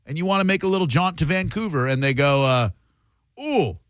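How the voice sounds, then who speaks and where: A man's voice: a little high, fast talker, fairly bright tone, smooth, no room sound. A man hosting a radio talk show, chatting in a joking, conversational way and taking calls. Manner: joking, conversational, reads aloud from phone. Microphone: studio microphone.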